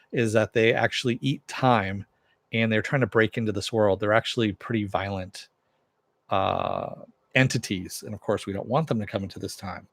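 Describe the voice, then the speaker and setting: Guy rambling thru a tv episode recap, kinda low voice, lots of uh and you know, dry close sound. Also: no echo. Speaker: TV episode reviewer.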